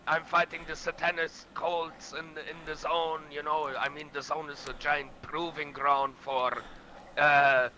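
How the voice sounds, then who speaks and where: A man with a high, sharp and forceful voice roleplays a bandit boss over game voice chat. He rambles through his tale, swearing freely and boasting, with a faint hiss of noise underneath. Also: poor audio. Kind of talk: in-character roleplay storytelling.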